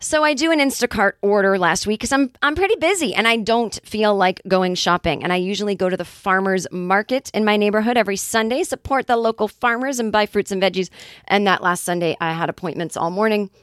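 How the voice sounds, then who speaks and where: A woman in her forties hosting a comedy podcast, telling a casual monologue in a chatty, wry way with quick acted-out asides. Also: mid-range voice, dry recording, clean studio sound. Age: 40s. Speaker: podcast host.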